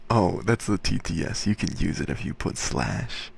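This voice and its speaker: A man's low whisper drifts through a whispered ASMR chat, rough with gravel at the edges. He talks slowly to his viewers, his voice rising and falling a lot, with a casual swear word here and there. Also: sing-song, a little hiss or hum. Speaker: livestream host.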